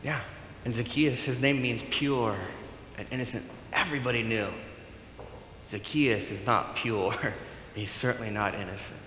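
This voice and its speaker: Man, pastor, sermon, animated, acts out dialogue, long church reverb, faint ambience. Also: mid-range voice, normal speed, slight background noise. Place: church sanctuary. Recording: echoey hall with faint room ambience.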